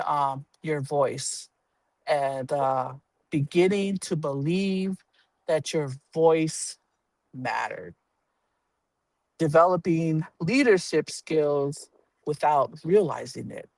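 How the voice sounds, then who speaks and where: A man telling a personal story to a live audience, animated and blunt, swearing casually and acting out the voices of the people in it. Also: fairly high pitch, dry recording. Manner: animated, acts out quoted voices, laughs while telling.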